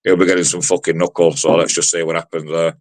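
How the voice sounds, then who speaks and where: Brash man in his forties, very low voice, dry close sound, swaggering fight talk. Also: level tone, quick pace, no echo. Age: 40s. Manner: brash, sweary trash talk with many fillers. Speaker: bare-knuckle fighter. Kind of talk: fight promo interview.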